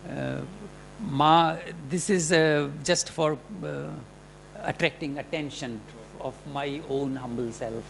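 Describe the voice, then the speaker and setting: A man with an Indian English accent giving an academic lecture on Sanskrit texts, explaining deliberately with many hesitations. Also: fairly high pitch, fairly even intonation, gravelly, fairly bright tone, a little hiss or hum.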